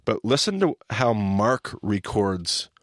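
A man's voice: on the low side, slow, dry recording, studio quality. A man hosting a podcast, teaching in casual chat and acting out the lines he quotes. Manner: animated storyteller, acts out quoted lines.

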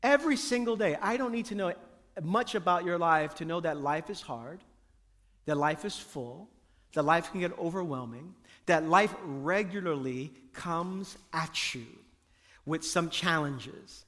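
A man preaching with an emphatic, repetitive cadence, stacking phrase on phrase and calling out to the people in front of him. His voice sits notably high for a man. A long reverb trails each line, as in a large church sanctuary. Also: unhurried, a bit bright. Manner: emphatic preaching with repeated phrases and call to the congregation. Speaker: pastor. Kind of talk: sermon.

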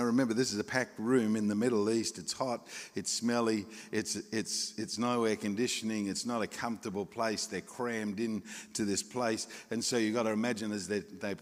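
A male pastor, preaching a sermon with animated storytelling, acting out voices and chuckling asides. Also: lowish voice, normal speed, few pauses, big-room sound. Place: church hall.

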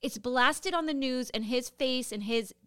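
A woman co-hosting a podcast in casual chat, expressive and quick to exclaim. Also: high-pitched, clean tone, dry recording, clean studio sound. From Florida. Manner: expressive, exclaiming, rising to indignation. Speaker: podcast co-host.

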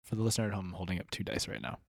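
A man's voice: deep voice, steady tone, very fast, creaky, husky, dry recording. Man narrating a dry, close comedy role-play. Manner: laughing, rambling, full of restarts. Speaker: game master.

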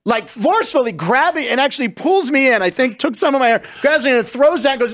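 A man hosting a sports and comedy radio show, telling stories in an animated way and acting out the quotes. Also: extremely high pitch, a little fast, hardly any pauses, no room sound, clean studio sound.

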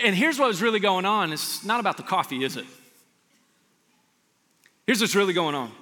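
A man preaching a sermon as pastor, telling stories with animated energy. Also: high-pitched, moderate pace, long pauses. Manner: animated storytelling, shouts in retold scenes. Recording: long hall reverb.

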